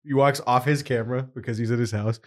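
A man's voice: mid-range voice, quick pace. A man hosting a podcast in casual chat, telling a story with lots of laughter. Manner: animated storytelling, laughing often. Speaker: podcast host.

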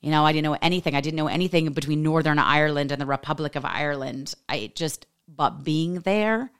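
A woman hosts her own podcast, musing aloud in a candid, expressive personal monologue and swearing freely. Her voice has a gravelly fry running under a smooth, resonant tone. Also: low-pitched, fairly quick. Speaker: podcast host.

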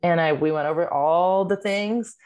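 A woman with a fairly low, darkish, clear and resonant voice speaks at a moderate pace as a podcast guest. She runs a birth support group and works at a chiropractic office, and she tells her stories bluntly and casually, swearing freely.

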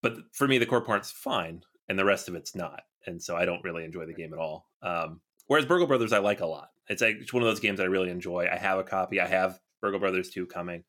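A man with a low voice and a bright, forceful edge gives candid opinions in a casual podcast chat. He speaks plainly and laughs easily. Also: fast, hardly any pauses.

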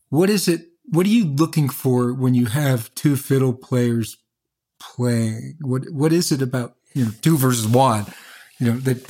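A man's voice: medium pitch, darkish tone. A man hosting an interview, asking curious, probing questions about music. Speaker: interview host.

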